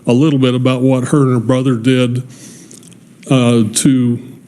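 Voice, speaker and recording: A man's voice: medium pitch, little pitch movement, measured pace, mellow. A man speaking as a state representative at a committee hearing, earnest and slightly apologetic. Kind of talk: committee floor remarks. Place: legislative hearing room.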